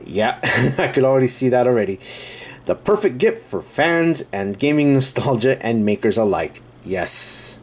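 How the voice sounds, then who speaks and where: A man's voice: medium pitch, very animated, normal speed. A man hosting a casual unboxing and review, rambling, correcting himself and chuckling as he reads the box aloud. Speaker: channel host reviewing a build kit.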